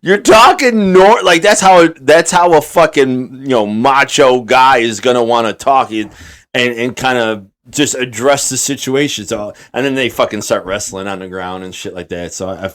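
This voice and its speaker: A man's voice: medium pitch, moderate pace. Rambling, swearing podcast guy. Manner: loose and rambling, swears often, many fillers and restarts. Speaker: podcast co-host. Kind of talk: casual chat.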